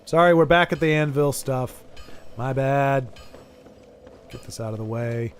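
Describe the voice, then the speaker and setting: While playing a game, a man hosting a gaming video chats casually and thinks aloud in long, rambling asides. His voice is medium-pitched and a little slow, with a little hiss or hum in the recording.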